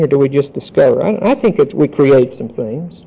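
Guy teaching a bible class, mellow highish voice, dull lo-fi tape. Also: lively intonation. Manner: deliberate, emphatic, spells out Greek words. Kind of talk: Bible study lecture. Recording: dull lo-fi recording.

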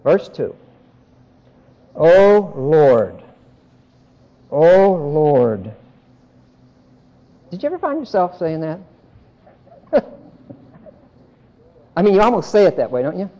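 A man teaching a Bible lesson, animated, acting out the dialogue in the text and repeating himself as he goes. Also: sits high, moderate pace, pauses often, lo-fi sound.

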